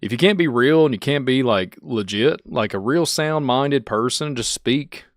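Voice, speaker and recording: A man's voice: mid-range voice, lively intonation, normal speed, dry recording, studio quality. A man from Kentucky with a Kentucky accent, hosting his channel with casual, rambling, self-mocking commentary. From Kentucky, USA. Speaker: channel host.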